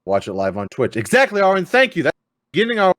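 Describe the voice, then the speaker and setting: Hosting a live-streamed gaming talk show, this podcast host chats casually and loosely, using lots of fillers and an occasional swear word. His voice is high-pitched and a bit bright, fast with huge pitch swings, recorded at studio quality without echo.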